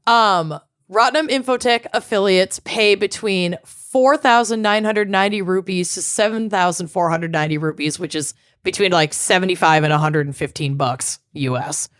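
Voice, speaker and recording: A woman's voice: on the low side, moderate pace, hardly any pauses, fairly bright tone, smooth, no echo, studio quality. A young woman co-hosting a podcast, casually telling a true crime story and often breaking into giggles. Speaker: podcast co-host.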